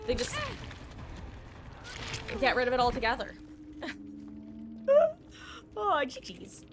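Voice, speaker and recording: Bright-voiced chatty woman streaming a game. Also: high-pitched, very animated, slow, slight background noise. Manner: rambling, chatty, often laughing and self-correcting. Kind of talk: casual live-stream chat while gaming.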